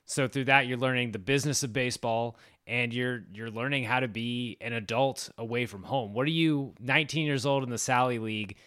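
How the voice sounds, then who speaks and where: A man's voice: medium pitch, brisk, few pauses, fairly bright tone, no room sound, clean studio sound. A man hosting an interview, asking detailed questions full of statistics. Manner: detailed, stat-heavy questioning. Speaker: podcast host.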